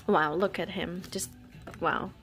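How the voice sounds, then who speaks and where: A woman's voice: fairly low pitch, steady tone, takes it slowly, a bit bright, faint music behind. A young woman chatting casually while unboxing albums, gushing and dramatic, full of laughs and sudden whispers. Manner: gushing and dramatic, lots of "like" and "wow", frequent laughs, drops to whispers. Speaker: K-pop fan vlogger.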